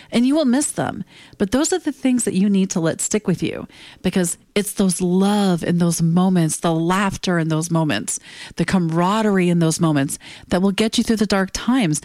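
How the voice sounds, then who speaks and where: A woman in her fifties with a lowish voice, hosting a solo talk show and speaking bluntly and candidly. She swears casually and lets her feelings show. The sound is dry and close, with no room around her. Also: darkish tone, dry recording. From United States. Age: 50s. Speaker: podcast host.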